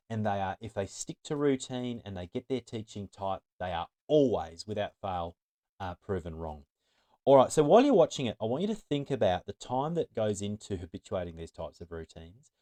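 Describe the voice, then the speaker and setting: Middle-aged guy presenting to teachers, lowish voice, earnest and emphatic, trips over words a bit. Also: expressive, fairly quick, darkish tone. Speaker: teacher trainer.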